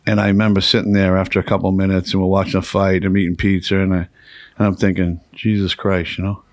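A man's voice: deep voice, level tone, fast talker, dry recording, clean studio sound. A man hosting a podcast, telling a long story in a casual, rambling way, swearing and laughing often. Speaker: podcast host.

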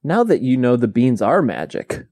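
Gravelly man with wry interjections. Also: medium pitch, dry recording. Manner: wry, quick interjections and deadpan questions. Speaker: podcast co-host. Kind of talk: casual comedic chat.

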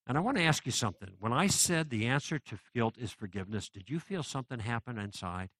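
A man's voice: mid-range voice, lively intonation, quick pace, a bit bright, no room sound. A middle-aged man giving a live apologetics talk, conversational and persuasive, with many rhetorical questions to the audience. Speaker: Christian apologetics speaker.

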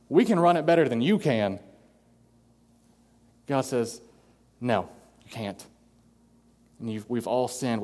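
A man delivers an earnest sermon at middling pitch, slipping into quoted voices to make his point. His words trail off into the long reverb of a large hall. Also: a little mellow. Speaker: pastor.

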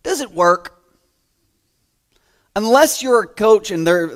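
A man delivers a sermon at an unhurried pace, his voice sitting a little high. He tells stories, jumping up loud for quoted lines and dropping to quiet asides. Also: expressive. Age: adult, grew up playing school basketball. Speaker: pastor.

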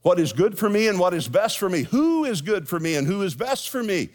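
A man's voice: high-pitched, very animated, fairly quick, a little mellow. A middle-aged man preaching a sermon as senior pastor, folksy, telling jokes and stories to his congregation. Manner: folksy storytelling with jokes and asides. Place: church sanctuary with congregation.

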